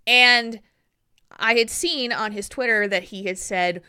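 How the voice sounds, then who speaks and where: Woman podcast host, bright voice, dry close mic, lively self-mocking storyteller. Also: on the high side, normal speed, smooth, no room sound. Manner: animated, self-deprecating storyteller. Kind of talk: casual podcast chat.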